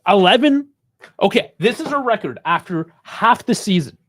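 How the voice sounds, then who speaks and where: A man with a high voice rants through a live match reaction, swearing constantly and sounding fed up. His commentary swings between terse play calls and long frustrated tirades. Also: big pitch swings, moderate pace, a bit bright. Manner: angry, frustrated, heavy swearing.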